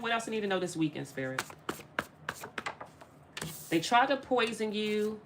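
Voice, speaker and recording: Speaking straight to her viewers, a woman gives a casual spiritual tarot reading, emphatic and repeating her phrases. Her pitch is fairly low, with a little hiss or hum on the recording.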